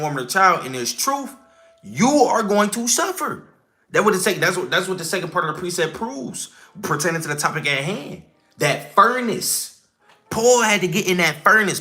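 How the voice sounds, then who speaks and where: Emphatic man preaching with lively pitch. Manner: emphatic, preachy, rhetorical questions, casual swearing; repeats "okay?" and "all right?". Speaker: religious teacher. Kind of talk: informal scripture teaching.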